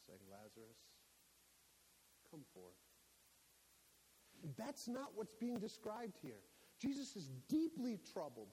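A man preaching a sermon in a church, emphatic and climbing to near-shouts on his key points. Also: high voice. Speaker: pastor. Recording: echoey hall with faint hiss.

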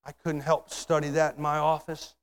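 A man with a high voice preaching with passion. He leads the listeners through a story and keeps building to fervent shouts. His tone swings between hushed moments and ringing peaks. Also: moderate pace, smooth. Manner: storytelling, asks the listeners to imagine. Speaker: pastor. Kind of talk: sermon.

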